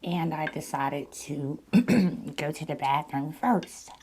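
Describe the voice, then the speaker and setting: Woman, mukbang host, sore throat; low, unhurried, casual storytelling. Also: a little mellow, a little hiss or hum. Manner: slow, deliberate retelling with repeats. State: sore throat, partly lost voice. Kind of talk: casual storytelling to viewers while eating.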